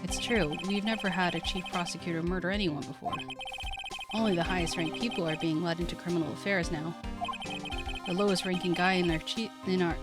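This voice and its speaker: A woman voicing a gruff, good-natured young male detective who talks loudly and calls everyone pal. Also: lowish voice, fairly even intonation, brisk, close to an everyday voice. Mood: grumbling. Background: game music.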